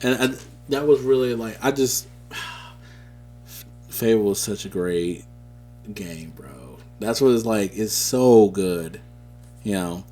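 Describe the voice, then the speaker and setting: A man co-hosting a podcast, telling stories in a casual, animated, slangy way. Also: on the low side, slow pace, long pauses. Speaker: podcast co-host. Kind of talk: casual chat.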